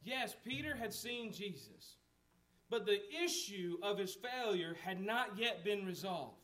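A high-voiced man preaches in a relaxed, conversational way. He asks the listeners questions and acts out the lines of the people in the story. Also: a little slow. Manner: conversational preaching with rhetorical questions, acting out quotes. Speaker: pastor. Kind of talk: sermon.

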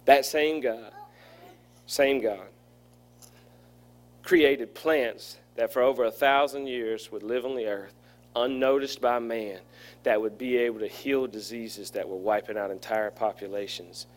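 A pastor with a medium-pitched voice preaches to his church at a slightly slow pace. He's folksy and joking, acting out the voices of characters in his stories.

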